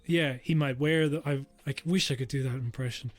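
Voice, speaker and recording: A man's voice: medium pitch, steady tone, fairly quick, soft background music. An Irish man co-hosting a podcast, chatting casually, giggling often and trailing off with ums while he works out puns. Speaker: podcast co-host. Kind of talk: casual comedic chat.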